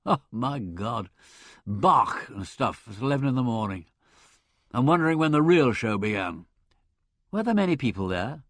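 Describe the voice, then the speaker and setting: A man voicing a cool, drawling aristocratic detective in an audiobook, asking dry, probing questions in a lowered voice. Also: expressive, moderate pace, pauses often, a bit bright, no room sound. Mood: mocking. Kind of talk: audiobook character voice.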